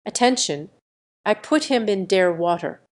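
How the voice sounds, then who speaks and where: Excitable German dad, stern and bossy, read by a woman narrator; unhurried audiobook delivery. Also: medium pitch, natural voice. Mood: commanding. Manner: barking commands. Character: excitable stern German father, middle-aged.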